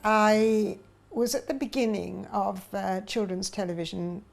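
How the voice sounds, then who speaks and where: A woman's voice: mid-range voice, steady tone, a little slow, gravelly, faint music behind. A woman in an interview thoughtfully recalling her early career in children's television, with some hesitation. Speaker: former television producer, interviewee. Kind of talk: interview recollection.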